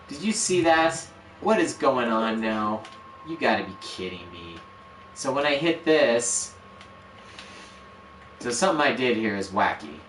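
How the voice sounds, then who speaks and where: Slow-talking man, bright roomy sound. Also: mid-range voice, expressive, slight background noise. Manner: self-mocking, talks himself through each step. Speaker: game developer streaming his work. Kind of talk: casual live-stream commentary. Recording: roomy echo, a bit far from the mic. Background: dog barking in the room.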